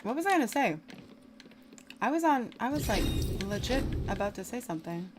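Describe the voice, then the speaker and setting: A woman's voice: fairly high pitch, big pitch swings, brisk, music in the background. A woman livestreamer chatting casually while gaming, rambling and filling her talk with "like". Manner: rambling, heavy use of "like" fillers.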